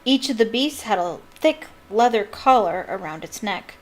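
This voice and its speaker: A woman reading a novel aloud as a devoted fan. She stops now and then for enthusiastic, chatty asides. Her voice sits at a medium pitch. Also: expressive, normal speed, low-quality recording.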